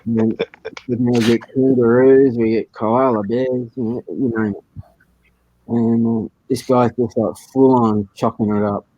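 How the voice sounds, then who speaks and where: A man's voice: medium pitch, flat delivery, measured pace, warm tone, dry recording, dull audio. An Australian man telling a tall story in a casual voice chat, laid-back and chuckling at his own jokes.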